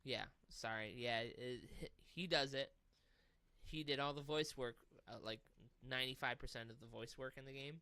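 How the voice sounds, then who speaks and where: A man co-hosting a casual gaming podcast, telling stories in an animated, profane way. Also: mid-range voice, normal speed, dry recording. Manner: animated storytelling with swearing and laughs. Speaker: podcast co-host.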